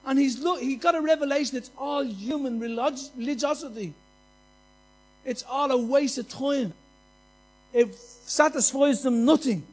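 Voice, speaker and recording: High-voiced preacher. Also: male voice, animated, a little slow, soft background music. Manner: passionate, repetitive, conversational preaching with anecdotes. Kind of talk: sermon.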